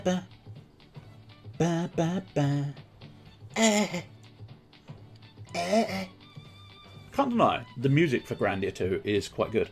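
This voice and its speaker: A man streaming a game playthrough, rambling and joking with casual swearing. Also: fairly high pitch. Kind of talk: live game playthrough commentary.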